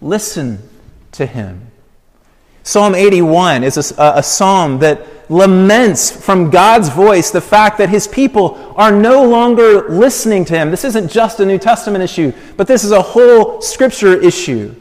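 A man preaching a sermon, measured and emphatic, building with slow repeated phrases. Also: high voice, lively intonation, a little mellow. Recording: long hall reverb.

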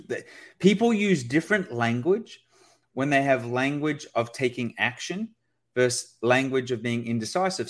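A man talking as a guest expert on a podcast, explaining with lots of energy and often asking "right?". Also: medium pitch. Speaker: guest expert on sales calls. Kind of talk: podcast conversation.

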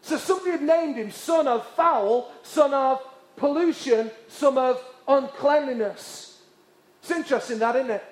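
A man from England, preaching with passionate, repeated emphasis that drops to hushed tones. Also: very high voice, normal speed. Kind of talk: sermon. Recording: echoey hall.

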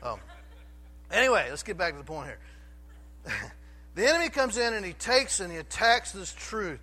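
Before a church congregation, a male pastor delivers a chatty sermon at a moderate pace, his high-sitting voice very animated, bright, and forceful. He often poses questions to the congregation and interrupts himself to start sentences over.

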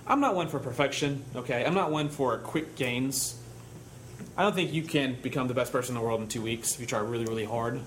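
A man's voice: medium pitch, a little fast, a little hiss or hum. Conversational man preaching a sermon. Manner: conversational, storytelling with asides and rhetorical questions.

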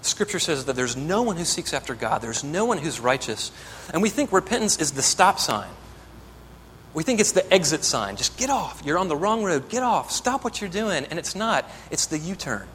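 A man's voice: on the high side, fairly bright tone, long reverb tail, a little hiss or hum. A man preaching a sermon as pastor, earnest and building to emphatic exhortation.

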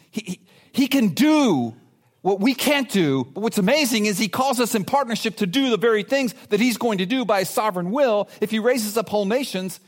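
A man delivering a sermon, his voice sitting high for a man and moving a great deal in pitch. He preaches with emphasis and breaks into playful asides to the congregation. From grew up in a city. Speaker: pastor.

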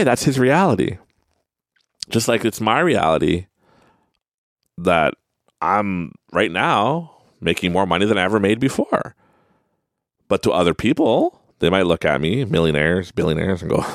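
A man's voice: lowish voice, big pitch swings, normal speed, gravelly, no echo, clean studio sound. A man hosting a podcast, talking casually about self-help and laughing at his own rambling stories. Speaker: podcast host.

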